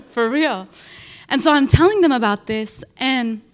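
A young woman shares her testimony in an emotional, animated way, leaning on emphatic repetition as she tells her story. Her voice sits a little high for a woman. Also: takes it slowly. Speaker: speaker sharing a testimony. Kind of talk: testimony in church.

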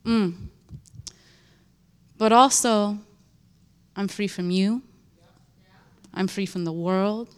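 A young woman giving an emotional, animated church testimony, telling a story with laughter and emphatic repetition. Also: mid-range voice, drawn-out words, pauses often, smooth. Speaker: speaker sharing a testimony.

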